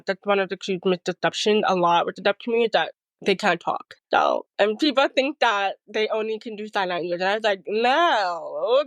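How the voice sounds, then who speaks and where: Woman chatting in an interview, middle pitch, lots of "like", acts out what people said, dead dry room. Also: no echo. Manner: animated storytelling, acts out quoted people; says "like" and "you know" often. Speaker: guest, speaker and coach. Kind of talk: casual interview talk.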